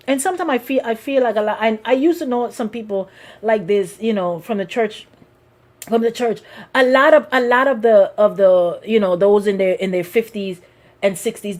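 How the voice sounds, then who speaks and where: A woman with a bright, high-pitched voice preaches at a live service. She weaves personal stories into her message in a lively, animated way. She keeps restarting her phrases and calls out to people in the pews. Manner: animated, repetitive restarts, addresses congregation directly. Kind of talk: live sermon with personal storytelling.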